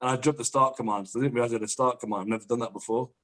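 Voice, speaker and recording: A young man, a powerlifter guest on a podcast, telling rapid, sweary anecdotes in casual chat. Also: medium pitch, steady tone, fairly bright tone. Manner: fast, swearing, laughing anecdotes.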